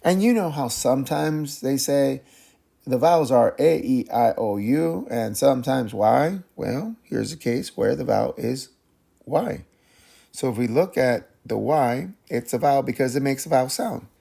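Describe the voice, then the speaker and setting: A young man teaching a casual phonics lesson, sounding out letters slowly with many pauses and fillers. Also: medium pitch, animated, gravelly, warm tone. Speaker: reading teacher.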